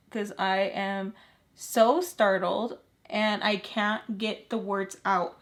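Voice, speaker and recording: Female vlogger, casual emotional storytelling, halting delivery. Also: medium pitch. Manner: emotional, halting retelling with repeats.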